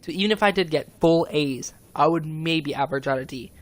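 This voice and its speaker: A man's voice: fairly high pitch, a little fast. A young man in his teens, rambling and upset as he vents on a stream, swearing a lot. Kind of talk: casual venting monologue.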